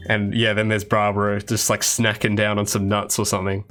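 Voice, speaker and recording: Soft background music plays while this Australian man, a game developer, chats with his stream viewers as he works. He speaks fairly quickly in a lowish, monotone, fairly bright voice, rambling with restarts and asides.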